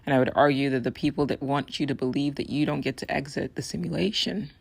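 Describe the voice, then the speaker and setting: A woman hosting a solo podcast, talking in an earnest, persuasive way with a raspy, hoarse voice. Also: very deep voice, fast, dry recording. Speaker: podcast host.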